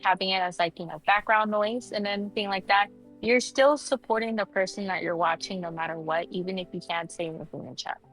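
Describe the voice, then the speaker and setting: A woman's voice: medium pitch, a bit bright, low-quality recording. A woman guest on a livestream, chatting casually and rambling with lots of fillers. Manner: rambling, full of fillers like "you know". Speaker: guest streamer.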